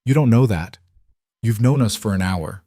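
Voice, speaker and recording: A man's voice: on the low side, normal speed, mellow, breathy edge, no room sound, clean studio sound. A man voicing a wary young single mother in an audiobook, guarded and wry. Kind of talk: audiobook character voice.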